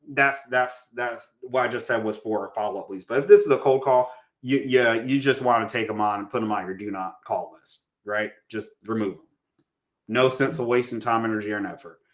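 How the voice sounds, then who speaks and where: A man's voice: mid-range voice, fairly bright tone. Man coaching casually on sales calls. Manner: conversational, addresses listeners as guys, acts out call lines. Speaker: real estate coach. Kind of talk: casual teaching monologue.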